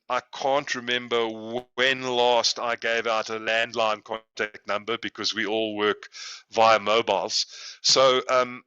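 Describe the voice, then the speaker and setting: A man from South Africa speaking as a guest consultant on a video call, measured and repeating words as he thinks. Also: mid-range voice, bright, forceful tone, clean tone, no echo, muffled recording.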